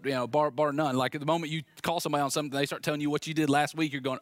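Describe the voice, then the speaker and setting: A man's voice: fairly high pitch, quick pace, a bit bright. A male pastor preaches in a loose, conversational way and drops in wry asides. His voice sits a little above the usual male range. The sound is dry and close, with almost no room echo. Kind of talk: sermon.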